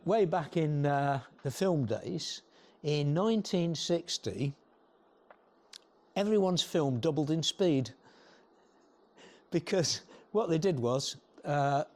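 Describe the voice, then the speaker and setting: An older man giving an informal, rambling talk to a photography club, often clearing his throat and restarting sentences. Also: on the high side. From England.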